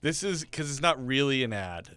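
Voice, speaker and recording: Lively, bright-voiced male podcast host. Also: medium pitch, moderate pace, smooth, no echo. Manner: animated, playful storyteller. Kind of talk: casual chat.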